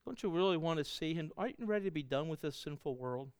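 A middle-aged man preaching a sermon as a pastor, earnest, building up louder and then dropping to soft endings. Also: a little high, expressive, fast, smooth, dry recording.

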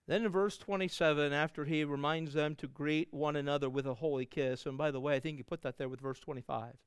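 A middle-aged man preaching a sermon as a pastor, earnest, building up louder and then dropping to soft endings. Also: a little high, fairly even intonation, a little fast, clean tone, no room sound, clean studio sound.

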